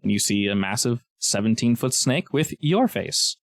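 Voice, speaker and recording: A man's voice: mid-range voice, lively intonation, moderate pace, no room sound, studio quality. A man narrating a tabletop game as game master, in a chatty way with frequent restarts.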